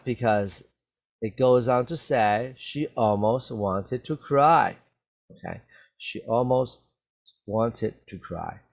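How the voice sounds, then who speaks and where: Guy teaching english to kids, super slow and patient, keeps going "okay?". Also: mid-range voice, gravelly, darkish tone. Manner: patient, repeats words and says "okay?" after each point. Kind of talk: slow reading lesson for learners.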